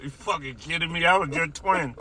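A man co-hosting a live stream, roasting his nephew in loud, profane banter with bursts of laughter. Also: a little high, brisk. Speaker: co-host, the uncle. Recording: noisy live-stream audio.

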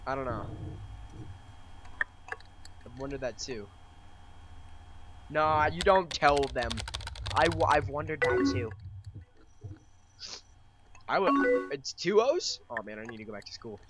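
A man's voice: mid-range voice, animated, slow, long pauses, heavy background noise. A young man giving playful, swearing gameplay commentary, reading chat lines aloud and reacting with mock drama. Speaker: let's play gamer. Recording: loud keyboard typing behind voice.

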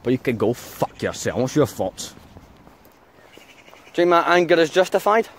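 A man's voice: fairly high pitch, sing-song, normal speed. A man vlogging outdoors in town, chatting casually and ranting with heavy swearing. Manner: angry swearing rant. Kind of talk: casual vlog chat.

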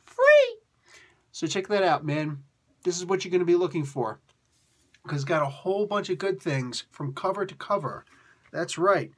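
A man with a husky, somewhat raised voice talks through a comic book review. He rambles and restarts his sentences, and his delivery stays lively and chatty the whole way. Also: on the high side, moderate pace. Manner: animated, rambling, frequent fillers and restarts. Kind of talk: casual video review.

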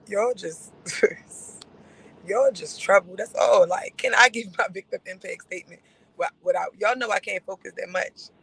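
A man's voice: high-pitched, vocal fry, sharp tone, no room sound, poor audio. A man on a casual livestream, ranting in a sarcastic, repetitive way and laughing between phrases. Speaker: livestream host.

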